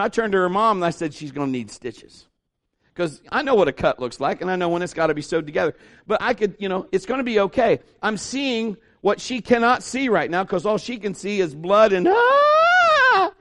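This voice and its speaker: A middle-aged man preaching a sermon at a church service, telling a story with lively asides and acting out other people's voices. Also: extremely high pitch. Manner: animated storytelling, acts out voices. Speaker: pastor.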